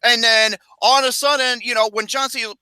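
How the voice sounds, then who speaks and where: A man hosting a casual ranking chat, ranting with plenty of profanity in an animated, exasperated way. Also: extremely high pitch, fast, clean tone, no room sound. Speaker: podcast host.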